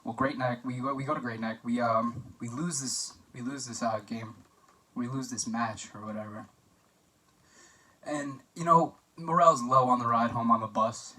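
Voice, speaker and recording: A young man delivering a mock wedding toast, loose and joking as he tells stories about an old friend. His voice is bright and forward, and he sounds a little off the mic, as if standing back from it. He talks casually, with frequent fillers. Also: medium pitch, fairly even intonation, normal speed, far from the mic, low-quality recording. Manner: chatty and joking, with filler words and anecdotes.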